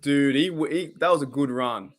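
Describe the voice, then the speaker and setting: On a live stream, an Australian man reacts casually to a football game, his talk meandering until the play sparks excited calls. His pitch is medium and his pace normal.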